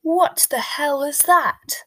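A woman's voice: sits high, slow, bright, forceful tone, pitched above the performer's own voice, heavily acted. A woman voicing a bad-tempered middle-aged man who bellows, in a whispered role-play storybook reading. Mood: angry bellowing.

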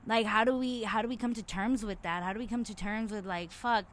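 A young woman talking casually on her own, animated and swearing freely, getting worked up as she goes. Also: mid-range voice, a little fast. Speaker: podcaster. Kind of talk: casual monologue.

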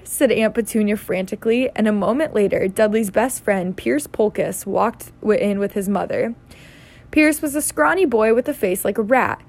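A woman's voice: mid-range voice, normal speed, a little mellow. A woman reading a children's novel aloud in a casual way, with slips and self-corrections. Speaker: reader.

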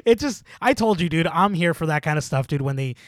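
A man's voice: on the high side, expressive, brisk, dry recording. Rambling, laughing man podcast co-host. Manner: rambling, laughs often, trails off and restarts. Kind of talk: casual chat.

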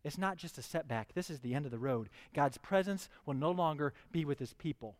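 A man's voice: a little high, brisk, long reverb tail. A man preaching a sermon, reading scripture aloud and pressing his listeners with questions. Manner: reads scripture, then preaches with rising fervor.

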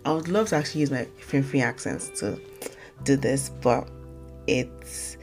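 A young woman from Nigeria hosting her own casual podcast, talking fast and rambling, often correcting herself mid-sentence. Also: a bass voice, a little mellow, faint music behind. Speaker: podcast host. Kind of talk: casual solo podcast talk.

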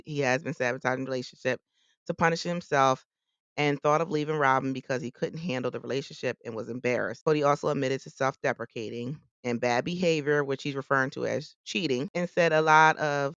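A man's voice: mid-range voice, a bit bright, clear, resonant tone, dry recording. A man giving casual, opinionated solo commentary as a podcast host, often stopping to correct himself. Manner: chatty, opinionated, restarts often. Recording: dull lo-fi voice message.

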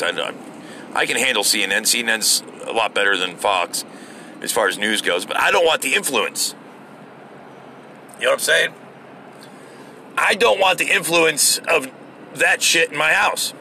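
Here a middle-aged podcast host from the US vents on his own, casually and profanely, in an exasperated way. He speaks at medium pitch with a creaky, sharp tone, and the audio carries a little hiss or hum.

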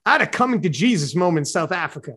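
A man guesting on a podcast, talking in a loose, excitable way with lots of slang and swearing. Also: fairly high pitch, racing, breathy edge. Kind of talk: casual chat.

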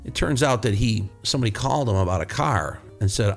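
Low-voiced, blunt, swearing mechanic. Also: male voice, expressive, brisk, gravelly, faint music behind. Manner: blunt and profane, rambling anecdotes. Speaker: podcast host, auto mechanic. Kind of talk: casual podcast storytelling.

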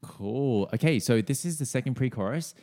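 A man's voice: mid-range voice, animated, moderate pace, mellow, soft background music. A man working as a singing coach, breaking down a song's vocals for viewers in a friendly, explanatory way with casual fillers.

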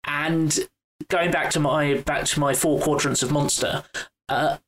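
A man's voice: on the high side, steady tone, unhurried, fairly bright tone, low-quality recording. A man co-hosting a casual film discussion, thinking aloud with frequent restarts and repeated words. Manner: hesitant, many restarts.

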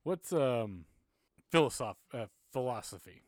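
A man's voice: mid-range voice, expressive, a little slow, no room sound, studio quality. A man from Texas, without a Texas accent, telling an earnest, self-deprecating story in a casual faith conversation.

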